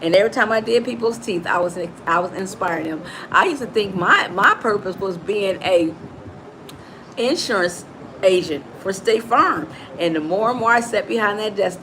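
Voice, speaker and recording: A woman's voice: mid-range voice, fairly bright tone, slight background noise, poor audio. A middle-aged woman hosting a live motivational talk, emphatic and preachy, calling her listeners "baby". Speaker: motivational coach and host.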